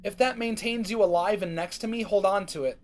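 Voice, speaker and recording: A man's voice: sits high, fairly quick, close to an everyday voice. A man voicing a proud, blunt young female pony who hides her feelings. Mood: guarded. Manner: curt and blunt.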